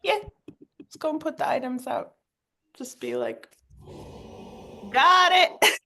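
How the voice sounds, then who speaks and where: A woman playing a tabletop role-playing game, talking casually and hesitantly, with many pauses and fillers. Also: high-pitched, huge pitch swings, darkish tone. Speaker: player.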